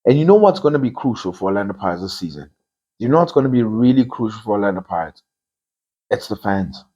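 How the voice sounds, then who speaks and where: A man's voice: on the low side, very animated, quick pace, dark tone, husky, lo-fi sound. A man hosting a football talk show, giving casual opinion commentary with emphatic, repeated phrases.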